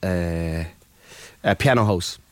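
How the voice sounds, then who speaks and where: Laid-back Irish man, low voice. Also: slow, no echo. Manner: easygoing storyteller, many ums and mates. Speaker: DJ and producer guest. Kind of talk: casual radio interview chat. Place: radio studio.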